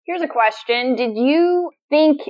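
A woman's voice: high-pitched, lively intonation, slow, muffled recording. A woman co-hosting a podcast, recapping scenes in a casual chat and acting out quoted lines with laughs. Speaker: podcast co-host.

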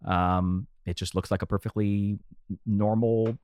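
Man running a tabletop game, halting. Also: lowish voice, fairly even intonation, a little mellow, clear, resonant tone, no room sound. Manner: halting, searches for words with many ums. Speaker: game master. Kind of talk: narrating a tabletop game, casual chat.

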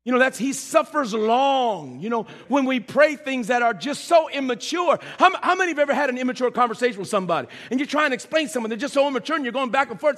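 A man preaching a sermon as pastor, animated and teasing, with shouted peaks and asides to the congregation. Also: very high voice, fast, few pauses. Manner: humorous, teasing. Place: church sanctuary. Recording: long hall reverb in a church.

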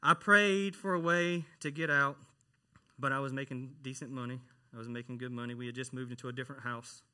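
A man's voice: mid-range voice, fairly even intonation, fairly quick, pushed and bright. A man, a church worship minister, preaching a conversational sermon and often asking the congregation questions.

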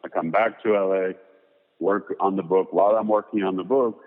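A man's voice: sits low, fairly even intonation, moderate pace. A man, a photographer and designer, being interviewed and telling long casual stories full of fillers. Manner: rambling, filler-heavy anecdotes. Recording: tinny phone-like sound with long reverb.

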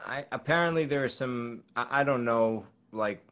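A man's voice: mid-range voice, moderate pace, a bit bright. A young man in casual chat, rambling with fillers and casual swearing.

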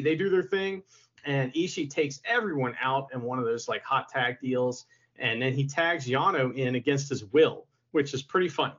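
A man's voice: mid-range voice, normal speed, a bit bright, highs cut off. A man co-hosting a podcast in casual chat, who laughs a lot and acts out quotes in silly voices. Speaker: podcast co-host.

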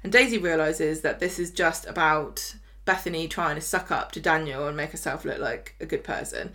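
A woman's voice: deep voice, bright, forceful tone. A woman co-hosting a podcast, recapping a soap opera in casual, sarcastic chat. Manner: chatty, sarcastic, mocks characters in quick asides. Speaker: podcast co-host.

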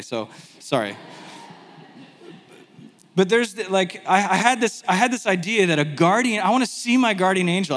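A man teaching a sermon in a conversational, animated way, with self-deprecating asides. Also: fairly high pitch, big-room sound. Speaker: pastor.

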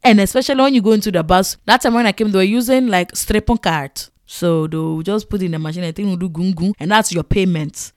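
Lively Ghanaian woman telling stories. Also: mid-range voice, brisk, hardly any pauses, no echo, clean studio sound. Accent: Ghanaian English. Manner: animated, exclamatory, acts out her own past reactions. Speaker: vlogger. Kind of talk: casual storytelling to camera.

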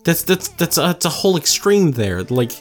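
A man's voice: on the high side, very animated, moderate pace, soft background music. A young man from New Jersey co-hosting a casual chat, teasing and sarcastic, swearing offhandedly. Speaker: podcast co-host.

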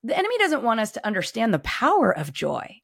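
A woman's voice: a little high, huge pitch swings, fairly quick, creaky, fairly bright tone, husky, no echo, studio quality. A middle-aged woman, a former pastor, hosting a podcast in casual conversation and telling stories animatedly with voiced quotes. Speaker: podcast host.

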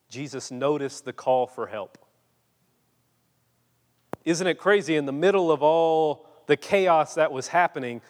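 A man preaching a sermon, dramatic and insistent, firing off rhetorical questions and acting out the scripture he quotes. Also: mid-range voice. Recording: long reverb in a large hall.

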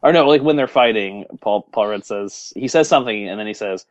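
A man's voice: lowish voice, brisk, no room sound, muffled recording. A man co-hosting a casual movie podcast, playful and teasing, laughing often. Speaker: podcast co-host.

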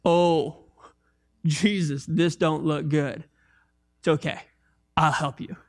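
A man's voice: fairly high pitch, steady tone, slow, pitched below the performer's own voice. A man voicing an impulsive, eager male disciple who boasts in loose, slangy phrasing.

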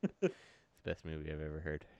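A man's voice: extremely low pitch, big pitch swings, quick pace, dry recording. A man chatting casually on a podcast, easygoing and agreeable. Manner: easygoing, agreeable, laughs along. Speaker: podcast co-host. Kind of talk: casual chat.

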